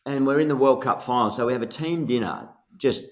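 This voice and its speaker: A man hosts a podcast at an easy, mid-pitched level. He reminisces with old teammates in a loose, laughing way. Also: fairly quick. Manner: relaxed reminiscing, laughing often. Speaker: podcast host. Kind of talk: casual podcast chat.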